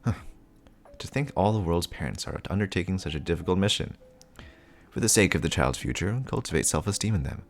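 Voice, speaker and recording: A man's voice: low voice, expressive, fairly quick. A man voicing a stern male spy posing as a father, in clipped, earnest inner monologue. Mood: annoyed. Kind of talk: comic reading with voices.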